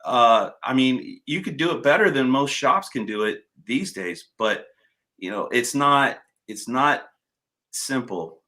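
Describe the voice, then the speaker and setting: A man's voice: mid-range voice, unhurried. A man hosting a casual chat, telling stories loosely and swearing freely. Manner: storytelling, swears freely, animated when retelling. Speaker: podcast host.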